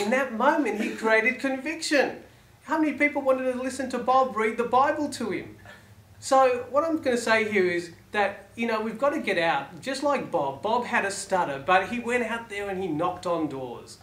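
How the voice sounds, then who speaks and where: A man giving a motivational talk to listeners, asking rhetorical questions and letting his phrases fall soft at the ends. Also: high-pitched, expressive, moderate pace. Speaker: motivational speaker. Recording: echoey room, faint background ambience.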